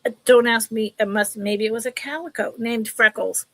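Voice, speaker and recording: A woman's voice: on the high side, steady tone, normal speed, no echo, poor audio. A middle-aged woman hosting a live jewelry sale, chatting casually and rambling between viewers, her cat and the pieces she shows. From California. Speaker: live sale host selling vintage jewelry. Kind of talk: casual live-stream sales chat.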